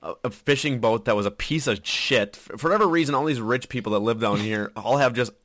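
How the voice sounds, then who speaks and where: A man telling stories in casual chat, profane and animated, often laughing. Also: medium pitch, quick pace, no echo, clean studio sound. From Wisconsin.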